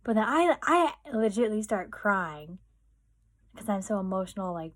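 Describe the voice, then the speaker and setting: A woman's voice: medium pitch, very animated, normal speed. Chatty young woman telling stories. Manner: chatty, lots of fillers and quoted dialogue. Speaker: vlogger. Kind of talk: casual storytelling.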